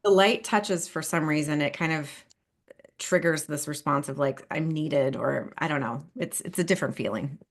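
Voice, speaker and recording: A woman's voice: sits low, normal speed. A woman couples therapist in a podcast interview, talking in a chatty way with frequent laughs and asides like "right?" and "you know".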